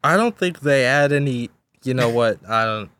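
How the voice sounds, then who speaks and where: A man from the United States co-hosting a podcast in easygoing casual chat, quick to laugh along. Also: mid-range voice, lively intonation, a bit bright, no room sound. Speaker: podcast co-host.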